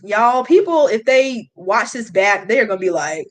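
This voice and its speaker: A woman's voice: mid-range voice, animated, moderate pace, few pauses, poor audio. A woman, chatting casually and confiding in viewers on a live stream. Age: late 20s. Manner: emotional, confiding, talks straight to chat. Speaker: YouTube beauty vlogger.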